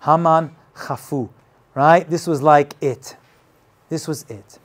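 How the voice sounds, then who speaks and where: A man's voice: on the high side, fairly even intonation, slow. A man teaching as a rabbi, who retells a scripture story in a dramatic, casual way. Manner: dramatic, casual, retells scenes with acted quotes. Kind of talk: animated storytelling lesson.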